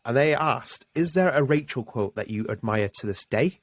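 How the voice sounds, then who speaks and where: A British man hosting a relaxed podcast interview, reading out listener questions in a friendly tone. His voice is mid-pitched and sounds dry and close to the mic, with no room around it. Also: moderate pace, dry recording. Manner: friendly, reads listener questions, laughs along. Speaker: podcast host.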